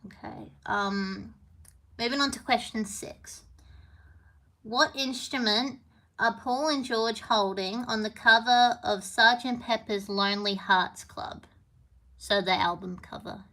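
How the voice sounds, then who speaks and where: A woman's voice: fairly high pitch, slow pace, pushed and bright. A woman hosting a trivia quiz on a casual live stream, chatty and meandering, with lots of fillers and little apologies. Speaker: livestream trivia host. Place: home with a piano.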